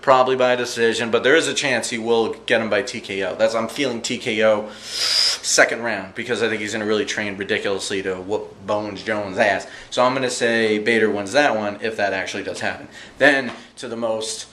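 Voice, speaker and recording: A man's voice: lowish voice, steady tone, a little fast, sharp tone. Male vlogger, casual fight recap, slangy and jokey, roomy echo with faint hiss. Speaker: vlogger reviewing fight events.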